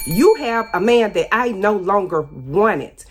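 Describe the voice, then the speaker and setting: A woman's voice: mid-range voice, expressive, slow. Woman venting candidly about her ex. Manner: candid, repetitive, pointed, Southern-tinged informal grammar. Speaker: speaking out about her ex-husband. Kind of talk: emotional personal testimony.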